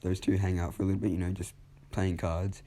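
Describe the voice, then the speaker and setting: A man's voice: sits low, level tone, brisk, warm tone. A man telling a fan story off the cuff, rambling casually and correcting himself as he goes.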